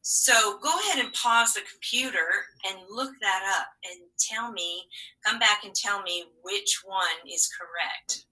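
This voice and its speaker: Bright-voiced teacher, far from the mic. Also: female voice, medium pitch, a little slow. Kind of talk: remote phonics lesson.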